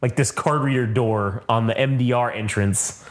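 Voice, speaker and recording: Guy recapping a tv episode, swears a lot, mid pitch, acts out little quotes. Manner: loose, profane recapping with quick acted-out quotes. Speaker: podcast co-host. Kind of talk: casual review chat.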